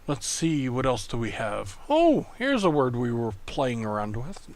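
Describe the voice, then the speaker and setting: A man teaching a recorded online Greek lesson, explaining slowly and patiently, with many pauses and ums. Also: medium pitch, sing-song. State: coughing. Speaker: Greek tutor.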